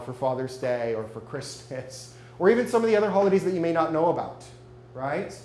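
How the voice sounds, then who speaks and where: A man's voice: on the high side, darkish tone. A man giving a live presentation to an audience, chatty and jokey, often asking the room questions. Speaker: speaker at a marketing meetup. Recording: echoey room, faint hum.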